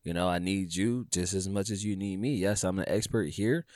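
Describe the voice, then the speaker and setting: A man talking casually on a podcast about his photography work, telling animated stories and acting out dialogue. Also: low voice, normal speed, no echo, clean studio sound. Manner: animated storyteller, acts out dialogue, says dude and bro.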